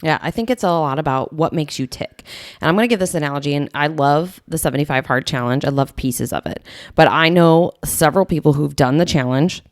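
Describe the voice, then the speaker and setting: Low voiced woman coach on a podcast, earnest and emphatic, dry mic. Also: fairly quick, no room sound. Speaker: podcast co-host, health coach. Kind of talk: casual podcast chat.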